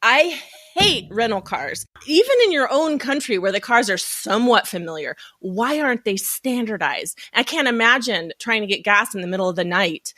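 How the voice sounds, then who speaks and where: A woman hosts a podcast interview in an encouraging, giggly way. Her voice is mid-pitched and recorded dry, with no room sound. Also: expressive, moderate pace, hardly any pauses, sharp tone, no room sound. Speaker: podcast host. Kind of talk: casual interview chat.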